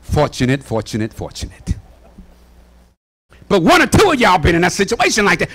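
A man preaching a fervent sermon in a church, often shouting and repeating "watch this" to rally the congregation. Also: sits high, huge pitch swings, moderate pace, slightly rough. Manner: shouting, repeats "watch this", folksy call-and-response. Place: church sanctuary.

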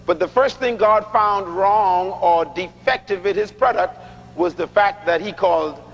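A middle-aged male preacher giving an emphatic, teasing sermon, repeating key lines slowly for effect, in a large church hall. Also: sits high. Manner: humorous, teasing the audience. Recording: dull lo-fi recording with long hall reverb.

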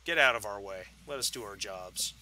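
A man's voice: lowish voice, animated, normal speed, pushed and bright, a little hiss or hum, rough recording. A man voicing a brusque male police detective who gives curt orders.

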